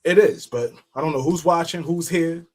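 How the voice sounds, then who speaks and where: A man's voice: a little high, moderate pace, a little mellow. A man from Queens, hosting a casual podcast chat, teasing his co-host and laughing often. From New York (Queens).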